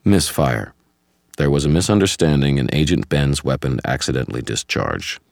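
A man's voice: a bass voice, animated, normal speed, gravelly, a little mellow, no echo, studio quality, heavily acted. Role: a man playing a cold domineering federal agent. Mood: cool. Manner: demanding, clipped. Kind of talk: audiobook character voice.

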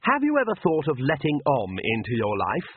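A man's voice: medium pitch, wildly swooping pitch, normal speed, husky, phone-quality sound. A man voicing a timid, earnest young male priest with a trembling, hesitant voice.

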